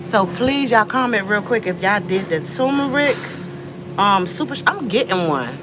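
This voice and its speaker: A chatty woman with a Southern US accent, talking straight to her livestream viewers on a handheld phone as she shops. Clear store noise and ambience sit under her voice. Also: mid-range voice, lively intonation, normal speed. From Southern United States. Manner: chatty, talks straight to viewers with sudden exclamations. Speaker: livestream host. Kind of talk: casual livestream chat. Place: grocery store.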